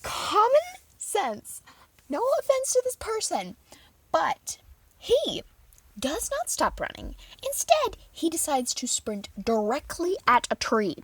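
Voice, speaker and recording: A woman's voice: sits high, measured pace, slightly rough, dry recording. A teenage girl vlogging in casual chat, rambling and giggling as she tells stories. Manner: giggly, rambling, animated storytelling.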